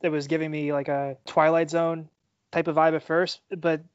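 A young man guesting on a casual movie podcast, relaxed and brief in his replies. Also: fairly high pitch, normal speed, clean tone, no room sound. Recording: dry, slightly dull podcast audio.

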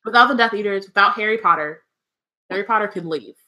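A fast-talking woman with a sharp, mid-range voice reads the chapter aloud as a book podcast co-host. The chat in between is loose and jokey, with frequent laughter, cursing, and lots of "um" fillers.

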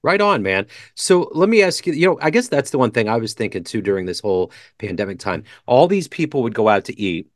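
A man's voice: mid-range voice, very animated, fairly quick, hardly any pauses, no room sound, clean studio sound. A man hosting an interview podcast, reading a short intro and then chatting in a friendly, agreeable way. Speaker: podcast host.

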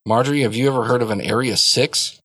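A man's voice: mid-range voice, quick pace, pushed and bright, husky. A man voicing a casual, helpful male hospital desk worker in a tabletop game.

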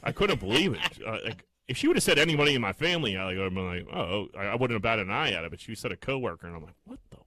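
A young man co-hosting a casual podcast, telling a story with animated, swearing outrage. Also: lowish voice, rapid-fire, few pauses. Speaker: podcast co-host.

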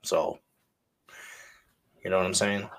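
Low-voiced male podcast host. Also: flat delivery, takes it slowly, fairly bright tone. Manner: brief supportive interjections. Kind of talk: podcast interview.

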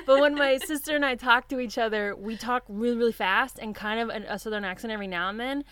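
A woman from the American South hosts a podcast, her voice sitting a little high. She chats in a bubbly, giggly and effusive way. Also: fast, a bit bright, smooth, no echo. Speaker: podcast host. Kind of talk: casual chat.

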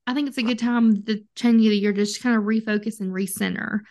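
A woman's voice: on the high side, fairly even intonation, fast, darkish tone. A woman co-hosting a podcast in casual chat, easygoing and agreeable, laughing often. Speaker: podcast co-host.

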